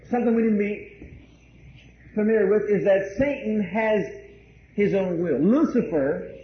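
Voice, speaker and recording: A male pastor preaching a sermon, emphatic, repeating key phrases and addressing the congregation directly. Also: high-pitched. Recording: roomy, dull, faint hiss.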